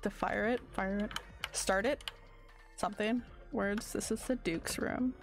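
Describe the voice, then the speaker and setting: A woman's voice: medium pitch, fairly even intonation, measured pace, soft background music. A woman streamer giving casual gameplay commentary in a sleepy, rambling way, often searching for her words. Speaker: game streamer.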